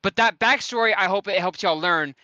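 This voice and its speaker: A sarcastic man speaks bluntly on a podcast, swearing freely in a bright, sharp voice. The recording is dull and lo-fi, with a dry, close sound. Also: high-pitched, fairly quick, dry recording. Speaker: podcast co-host. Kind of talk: casual chat.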